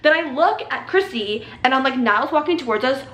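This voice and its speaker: A young woman vlogger telling a story in a casual, excitable way, full of "like" and swearing. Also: high voice, fairly quick, roomy sound. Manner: excitable, heavy use of "like", swears freely.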